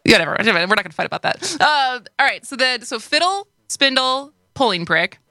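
Wisconsin lady on a radio talk show, bright tone, dry studio sound, giggly and loose. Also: sits high, sing-song, brisk, no room sound. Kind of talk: casual radio chat.

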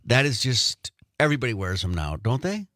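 A middle-aged man co-hosting a radio show, chatting casually and telling animated stories. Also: mid-range voice, a little fast, dry recording, studio quality. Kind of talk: casual chat.

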